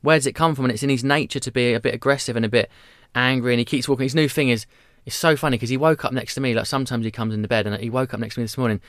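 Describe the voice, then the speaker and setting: Fast-talking man, clear voice. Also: mid-range voice, no room sound, studio quality. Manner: animated storyteller, quick, acts out voices. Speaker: guest. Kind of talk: candid conversational chat.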